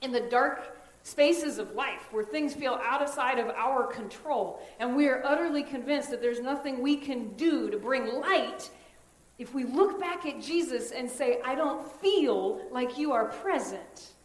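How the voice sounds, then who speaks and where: A woman pastor preaching a sermon in an earnest, conversational way, with dramatic pauses. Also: sits high. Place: church sanctuary. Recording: echoey church sanctuary.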